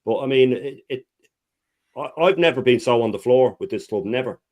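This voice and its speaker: A man's voice: medium pitch, normal speed, darkish tone. A man on a football panel video call, frustrated and ranting, repeating words as he starts a thought. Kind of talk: casual chat.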